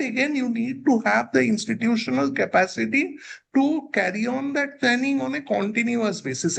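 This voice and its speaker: A man with an Indian English accent, speaking as a professor on a webinar panel, halting with many fillers and restarts. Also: very high voice, vocal fry, a little hiss or hum.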